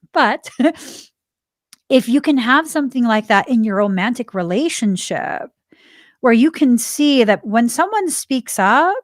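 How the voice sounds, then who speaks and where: A woman's voice: fairly high pitch, dry recording, clean studio sound. Chatty woman hosting a podcast. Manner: chatty, laughs often, acts out quoted dialogue. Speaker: podcast host. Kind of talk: casual spiritual talk.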